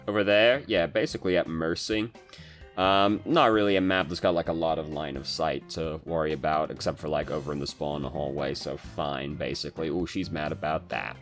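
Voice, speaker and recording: A young man casually commentating over gameplay as a coach, relaxed, with frequent fillers and casual swearing. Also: sits low. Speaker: game coach reviewing gameplay.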